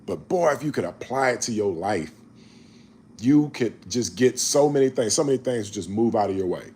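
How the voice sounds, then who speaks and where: A husky man reads scripture in a slow, measured way. He then breaks into emphatic, casual commentary, and his pitch swings widely as he preaches. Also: animated, a little mellow. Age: 40s. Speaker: online Bible reader and commentator.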